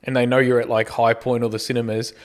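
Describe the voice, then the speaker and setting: A man's voice: medium pitch, flat delivery, fast. A middle-aged man with an Australian accent, co-hosting a casual podcast and joking around. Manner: joking, chatty. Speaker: podcast co-host. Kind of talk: casual chat.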